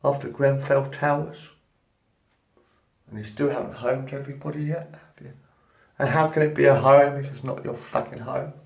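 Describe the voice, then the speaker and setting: A man in his fifties ranting angrily and swearing heavily in his own flat. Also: medium pitch, normal speed, vocal fry. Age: 50s. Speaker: vlogger. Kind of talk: angry personal rant to camera. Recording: echoey room.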